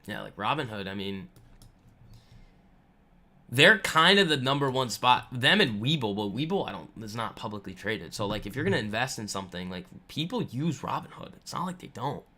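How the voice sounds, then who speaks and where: A man's voice: mid-range voice, sing-song, normal speed, sharp tone. A man hosting a live trading stream, talking casually and a little boastfully about stocks while answering viewers' comments. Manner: chatty and boastful, lots of fillers. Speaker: trading livestream host. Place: home room.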